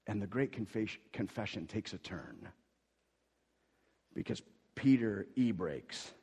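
A man preaching a sermon, telling the story with sudden swings between loud emphasis and hushed asides. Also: lowish voice, animated, takes it slowly, breathy edge, long reverb tail. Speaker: pastor.

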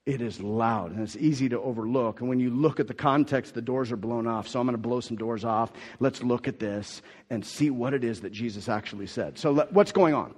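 A male preacher gives a sermon with emphatic, conversational delivery, often stopping to repeat a word before he carries on. His voice sits at an ordinary pitch and carries a long reverb from a large hall. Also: brisk, few pauses, darkish tone, husky. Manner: emphatic, conversational, repeats words when restarting.

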